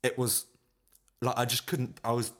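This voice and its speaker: A man's voice: medium pitch, moderate pace. A man, an audition pianist, telling a funny story in casual chat, laughing often. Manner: animated anecdote telling with frequent laughter.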